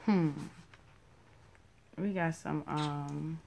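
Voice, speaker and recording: A woman hosting a live stream in casual spiritual talk, blunt and profane, joking with viewers and repeating words softly. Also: sits low, fairly even intonation, very slow, vocal fry, slight background noise.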